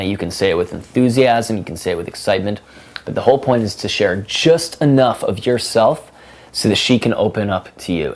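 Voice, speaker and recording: A man's voice: fairly low pitch, darkish tone. A young adult man coaching in a conversational, emphatic way, with frequent casual fillers. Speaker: dating coach. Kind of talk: instructional talk.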